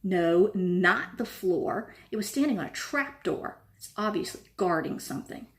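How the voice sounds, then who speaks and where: A woman's voice: mid-range voice, expressive, a little fast, close to an everyday voice. A woman voicing a bossy, clever schoolgirl who lectures and snaps. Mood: impatient. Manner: snappish, lecturing.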